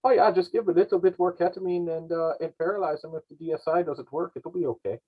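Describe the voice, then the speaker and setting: A laid-back Scottish medical director, put on by a man, breezy and unbothered as he waves off any worry. The voice is pitched well above the speaker's own and carries a Scottish lilt. The recording sounds a little dull and lo-fi. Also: fast talker, close to an everyday voice.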